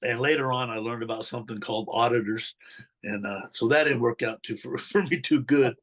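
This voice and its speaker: A man from Denver recounts his days on the street as an interview guest. He tells it in a lively storytelling way, slipping into the voices of the people in his tales. His voice sits at a middle pitch for a man. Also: a little fast. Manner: animated storyteller who acts out the people he quotes. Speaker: guest, former mob associate and motivational speaker.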